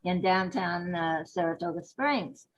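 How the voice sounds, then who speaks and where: A woman's voice: fairly low pitch, measured pace, muffled recording, slight background noise. Rambling older woman, a burlesque performer. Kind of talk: casual interview chat.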